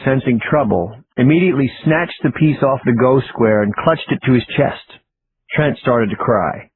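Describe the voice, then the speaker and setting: A man narrating an audiobook in a steady, even storytelling voice. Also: mid-range voice. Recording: tinny phone-like audio with faint hiss.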